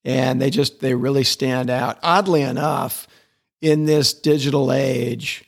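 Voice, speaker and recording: A man's voice: medium pitch, steady tone, unhurried, gravelly. A middle-aged man, a guest in an interview, talking enthusiastically and repeating words as he restarts his sentences. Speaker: interview guest, advertising executive. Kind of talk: conversational interview.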